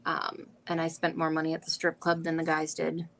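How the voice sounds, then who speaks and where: A woman from Michigan's Upper Peninsula hosting a casual chat, blunt and quick to swear, laughing often. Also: sits low, monotone, gravelly, a bit bright, rough recording. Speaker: vlog host.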